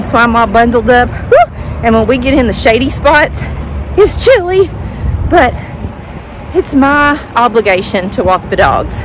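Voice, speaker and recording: A chatty woman with a somewhat high voice talks while she walks her dogs down a neighborhood street. Steady outdoor noise runs behind her on the handheld recording. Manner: chatty, praises dogs in a sing-song voice. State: a bit out of breath after sprinting. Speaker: vlogger walking her dogs. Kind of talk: casual chat while walking.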